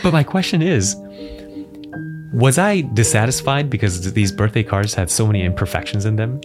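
Low-voiced man telling a family story. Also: normal speed, music in the background. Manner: warm anecdotal, chuckling, playful voices for his kids. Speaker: podcast co-host. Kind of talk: casual podcast storytelling.

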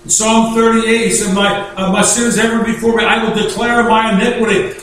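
High-voiced preacher echoing in a church. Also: male voice, level tone, a bit bright. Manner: emphatic preaching, reads scripture slowly in King James wording. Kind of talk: sermon. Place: church sanctuary. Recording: echoey church hall, voice from far off.

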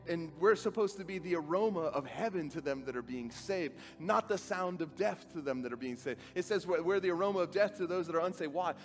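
A man preaching a sermon with an earnest, dramatic delivery, acting out quoted dialogue and dropping to a soft, quiet voice. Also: a little high. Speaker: pastor. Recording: faint music behind.

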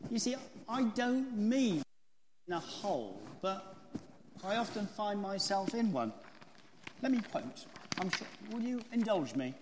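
Lively preacher in an echoey hall. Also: male voice, sits high, noisy background. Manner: storytelling, asks the congregation rhetorical questions. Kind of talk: sermon.

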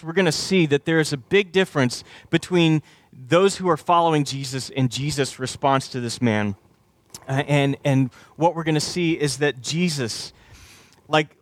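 Pastor preaching in a dry, close sound. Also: male voice, fairly high pitch, no room sound. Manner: conversational preaching with dramatic quoted voices. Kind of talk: sermon.

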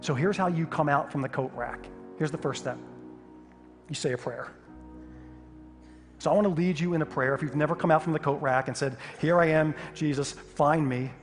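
Male pastor, lively comic storytelling sermon, reverberant hall, faint music behind. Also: fairly high pitch. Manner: animated, humorous storytelling with sudden loud outbursts.

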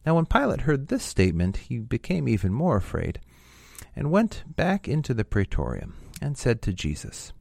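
A man reading a Gospel passage aloud in a measured, steady way. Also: lowish voice, vocal fry, no room sound, clean studio sound. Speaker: scripture reader.

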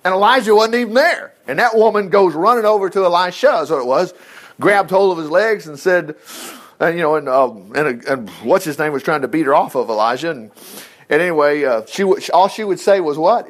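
A man delivers an animated, folksy sermon. He reads scripture passages and keeps breaking into asides and chuckles. His speaking voice sits fairly high for a man. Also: fairly quick. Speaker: preacher. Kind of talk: sermon with Bible reading.

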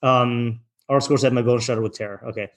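A man's voice: medium pitch, steady tone, a little fast. A man teaching an online text study class, reading passages out and translating them in a loose, chatty way with plenty of fillers and restarts.

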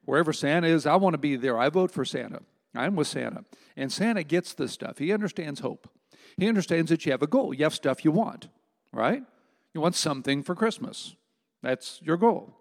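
An emphatic man delivers a sermon in a conversational way, stressing words and turning to the audience with asides. His voice sits a little high for a man. It rings out with a long hall reverb. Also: lively intonation, normal speed, vocal fry. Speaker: preacher.

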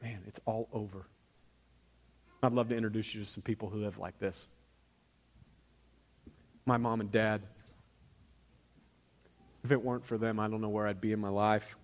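In a church sanctuary, a male pastor with a lowish voice and little pitch movement preaches at a normal speed, leaving long pauses. He talks to the congregation conversationally, swinging between loud emphasis and quiet asides.

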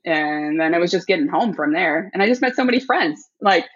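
A woman chatting casually as a podcast guest, telling a story with lively energy and acting out other people's voices. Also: on the low side, brisk, breathy edge, dull audio. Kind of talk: casual chat.

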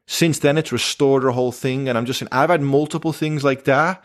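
A man's voice: medium pitch, fairly quick, few pauses. A man hosting a podcast, chatting casually and animatedly, often retelling what others said. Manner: animated, quoting others in conversation. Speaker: podcast host. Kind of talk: casual conversation.

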